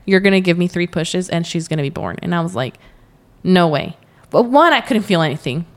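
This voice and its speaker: A woman's voice: on the low side, expressive, a little fast. A young adult woman chatting as a podcast guest, telling a story with lots of quoted asides and frequent laughter. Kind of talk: casual interview chat.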